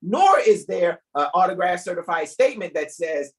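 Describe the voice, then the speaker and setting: A man's voice: sits high, lively intonation, normal speed, hardly any pauses, low-quality recording. A man hosting an online study group over a video call, lecturing in a profane, emphatic, joking way. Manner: profane, emphatic, preachy with jokes.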